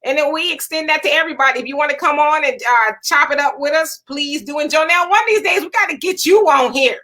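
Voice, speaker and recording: A woman hosting a casual panel chat show, animated and reading viewer comments aloud. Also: sits high, fast. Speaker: show host.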